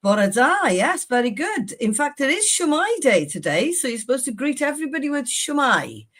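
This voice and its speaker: A woman's voice: high voice, very animated, moderate pace, a bit bright. Chatty woman politician on radio. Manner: chatty, emphatic, many restarts. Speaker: politician guest. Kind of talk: breakfast radio interview.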